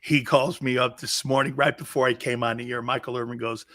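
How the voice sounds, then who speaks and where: Hosting a live sports talk show, a man tells stories animatedly, swinging between hushed asides and loud bursts amid blunt, swaggering banter. His voice is medium-pitched and fairly quick.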